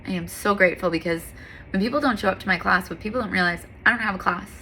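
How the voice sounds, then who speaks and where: A woman's voice: mid-range voice, fast, bright, forceful tone, a little hiss or hum. A woman yoga instructor talking in an earnest, candid, heartfelt monologue, with frequent fillers.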